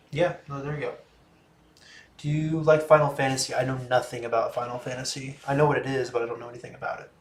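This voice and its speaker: Laid-back young man in an echoey room. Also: medium pitch. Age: 20s. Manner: laid-back, chatty, laughs often, trails off. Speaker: livestream host. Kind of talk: casual livestream chat, reading viewer questions. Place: room in a home.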